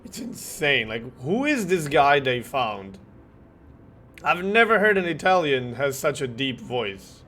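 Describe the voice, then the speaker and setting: A man from Croatia chatting casually while streaming a game, animated and joking, swearing and laughing often. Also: medium pitch, measured pace, a little hiss or hum. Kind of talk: casual gameplay chat with chat replies.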